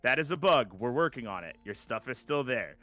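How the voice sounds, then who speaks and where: A man's voice: mid-range voice, animated, brisk, pushed and bright. A man co-hosting a gaming podcast, chatting casually and ranting with sarcastic opinions. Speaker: podcast co-host.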